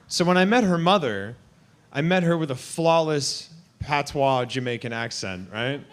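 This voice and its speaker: A man's voice: medium pitch, lively intonation, moderate pace. A young man doing crude, self-mocking stand-up at an open mic, laughing at his own jokes. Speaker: stand-up comic.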